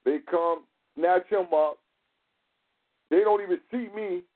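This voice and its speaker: A man's voice: sits high, unhurried. A man in casual storytelling chat, with a loose, profane, laughing manner. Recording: tinny phone-like audio.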